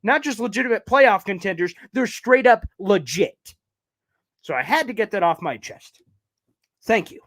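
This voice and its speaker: Fired-up taunting sports fan host. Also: male voice, animated, moderate pace, fairly bright tone, no room sound. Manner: fired-up, taunting rants with big pitch jumps. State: a little out of breath. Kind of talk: live fan recap show.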